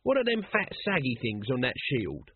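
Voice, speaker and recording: A scruffy, cheeky little watchman in an audiobook, coarse and husky, his pitch jumping around, as the narrator puts him on. The sound is dry and phone-thin. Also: huge pitch swings, normal speed, dry recording, phone-quality sound.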